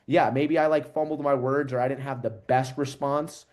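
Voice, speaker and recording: Quick-talking male sales coach. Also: medium pitch, fairly even intonation, darkish tone. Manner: quick, casual, direct, uses slang. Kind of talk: coaching call feedback.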